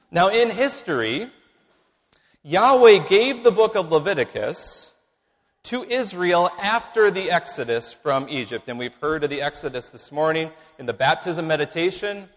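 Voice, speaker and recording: Preacher, male, slightly high and very lively voice, measured teaching sermon with emphatic repetition, long church-hall reverb. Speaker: pastor.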